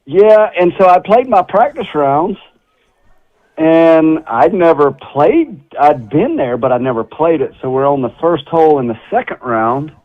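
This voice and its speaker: Middle-aged male radio guest, folksy storyteller, slightly raised pitch, dry dull radio sound. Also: a little slow, no room sound. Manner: folksy, animated storyteller with laughter. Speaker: guest, former tour golfer. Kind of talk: storytelling on a radio talk show.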